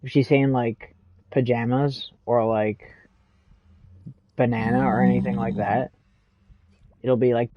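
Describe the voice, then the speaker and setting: A man's voice: mid-range voice, fairly even intonation, unhurried, long pauses, dull audio, slight background noise. A man with a Canadian accent, chatting in a rambling, casual way while streaming a game and laughing often. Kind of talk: casual chat while gaming.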